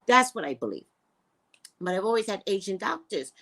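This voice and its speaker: A woman who works as a psychic, telling a story in a casual, profane way and swinging between loud and hushed. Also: mid-range voice, very animated, normal speed.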